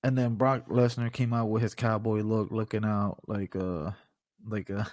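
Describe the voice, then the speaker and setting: A man co-hosting a casual wrestling podcast, talking in an animated way, swearing freely and ranting with playful bravado. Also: on the low side, normal speed, dry recording. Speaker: podcast co-host. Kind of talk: casual wrestling reaction chat.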